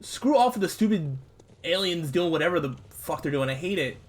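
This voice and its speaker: A young man giving casual let's-play commentary, frustrated and swearing at the game, with outbursts and low muttering. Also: animated, a little fast. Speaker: gaming streamer.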